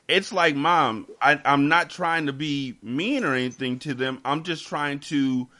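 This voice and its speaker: A man's voice: on the high side, fairly even intonation, normal speed, few pauses, pushed and bright. A man hosting a casual podcast chat, talking emphatically and repeating words as he gets heated. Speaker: podcast host.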